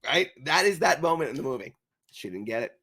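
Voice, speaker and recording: Animated man telling stories. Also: fairly high pitch, fairly quick, vocal fry. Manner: animated, acts out voices in anecdotes. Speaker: podcast co-host. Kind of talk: casual chat, storytelling.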